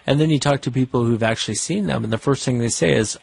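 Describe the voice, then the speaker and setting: A man's voice: mid-range voice, fast talker, creaky, few pauses, a little mellow, husky. A man hosting a call-in show, talking to a caller in an earnest, reassuring way and repeating phrases for stress. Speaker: host. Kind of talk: talk radio chat.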